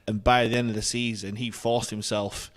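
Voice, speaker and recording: A man co-hosting a casual sports podcast, relaxed and opinionated, often repeating words as he thinks. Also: lowish voice, moderate pace. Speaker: podcast co-host.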